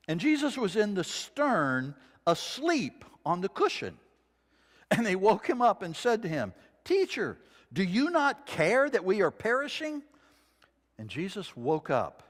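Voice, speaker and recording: A man preaching a sermon, reading scripture dramatically and dropping to a hush for quoted lines. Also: fairly high pitch. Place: church sanctuary. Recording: long reverb of a church sanctuary.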